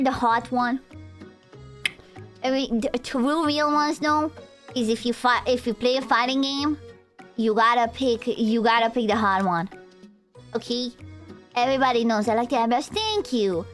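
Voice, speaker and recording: A young woman from Romania streams live with a high, bright-pitched voice. She rambles playfully to her chat, swears now and then, and faint music runs behind her. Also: lively intonation, moderate pace.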